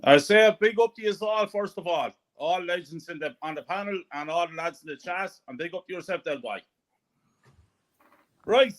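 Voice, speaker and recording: A man joining a fan panel by call, ranting emphatically and bitterly about his team, repeating his points. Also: sits high. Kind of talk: heated fan rant on a call.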